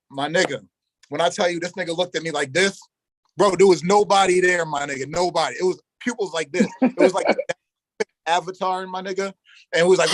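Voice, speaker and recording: A young man telling a long story as an interview guest, animated, in heavy street slang, and acting out the quoted dialogue. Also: sits high, brisk, dry recording, rough recording. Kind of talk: casual storytelling.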